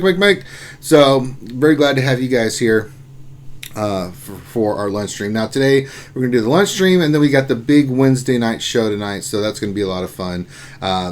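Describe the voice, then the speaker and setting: Chatty man hosting a live stream. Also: mid-range voice. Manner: chatty, reads names aloud, trails off quietly. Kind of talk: casual chat reading viewer comments.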